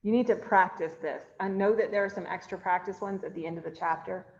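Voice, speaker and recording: A woman gives a chemistry lecture over a video call. She talks in a chatty way, asking the class questions and then answering them herself. Her voice sits at an ordinary pitch, and the audio is a little dull and lo-fi. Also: fairly even intonation, quick pace. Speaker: chemistry instructor. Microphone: computer mic on a video call.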